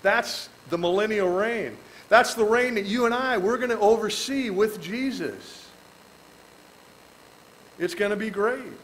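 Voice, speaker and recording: A man pastor giving a verse-by-verse Bible teaching in a folksy, animated way, with joking asides and chuckles. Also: high-pitched, measured pace, low-quality recording. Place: church.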